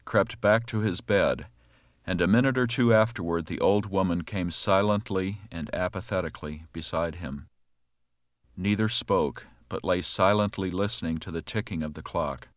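A man narrating a horror story aloud in a measured, dramatic way. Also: on the low side, fairly bright tone, dry recording, clean studio sound.

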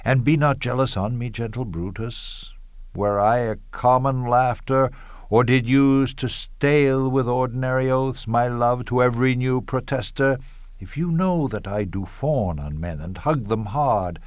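Cassius, a man playing a slow, declamatory Roman schemer. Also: medium pitch, dry recording, natural voice. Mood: persuasive. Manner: measured, declamatory, with bursts of scorn. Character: scheming, bitter Roman nobleman persuading a friend. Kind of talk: Shakespearean verse drama reading.

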